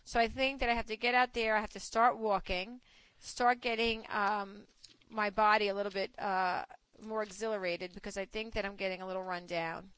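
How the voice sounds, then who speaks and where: A woman in her forties hosting a casual chat, telling stories in an animated way and acting out quotes. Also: mid-range voice, moderate pace, clean tone, no echo, poor audio. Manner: chatty, animated storytelling with acted quotes. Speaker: host.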